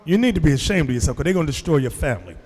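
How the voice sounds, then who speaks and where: A man preaches in an animated way, his fairly high voice swinging widely in pitch. He tells stories to his congregation and acts out voices along the way. A long reverb hangs on every word, as in a big hall. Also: rapid-fire. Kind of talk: sermon.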